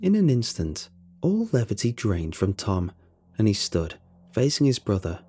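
Man, storyteller, husky mellow voice, lively pitch, expressive reading. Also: a little slow. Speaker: narrator. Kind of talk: scripted story narration.

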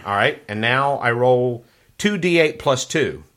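A man's voice: mid-range voice, expressive, unhurried, fairly bright tone. A man playing a tabletop game, eager and playful. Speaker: player.

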